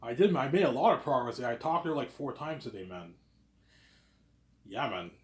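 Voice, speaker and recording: A man's voice: mid-range voice, big pitch swings, normal speed. Rambling man in an echoey room. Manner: repeats "obviously" and "man", chatty and self-assured. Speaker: vlogger. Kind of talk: casual rambling monologue. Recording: roomy echo.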